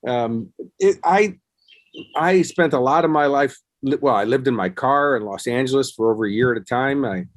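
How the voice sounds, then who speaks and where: A man in his fifties, a guest in an interview, telling stories and acting out other people's quotes in a lively way. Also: mid-range voice, moderate pace. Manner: animated storyteller acting out quotes. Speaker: guest, actor and success coach. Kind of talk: casual interview storytelling.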